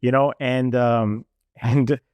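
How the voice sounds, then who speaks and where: A young man telling a travel story in casual chat, animated and full of fillers. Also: mid-range voice, takes it slowly, clean tone, no room sound. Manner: animated, lots of fillers, mimics officials.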